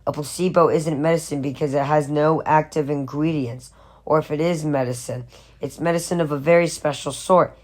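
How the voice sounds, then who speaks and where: A woman reading the part of a calm, patronizing older male pharmacist in an audiobook, lecturing a boy. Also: low-pitched, normal speed. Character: older male pharmacist, smug and coldly manipulative.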